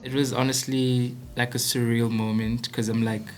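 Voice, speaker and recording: A young man chatting calmly in a vlog, often chiming in with agreement as his partner talks. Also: medium pitch, a little hiss or hum. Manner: calm, slow, agreeable interjections. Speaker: vlogger, expectant father. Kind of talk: casual chat.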